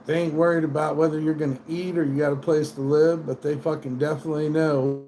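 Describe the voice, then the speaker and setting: A man's voice: on the high side, level tone, fast, hardly any pauses, dark tone, slight background noise. A man from the United States ranting casually on a livestream, swearing often and drifting between sardonic tangents. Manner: profane, rambling, sardonic. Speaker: livestream host. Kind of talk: rambling livestream rant.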